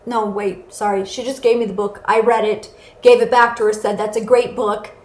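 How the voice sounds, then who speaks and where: A woman's voice: mid-range voice, steady tone, normal speed. Woman telling her story in an echoey room. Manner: earnest, emotional storytelling. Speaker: recovery speaker. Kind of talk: personal testimony talk. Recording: echoey room with faint ambience.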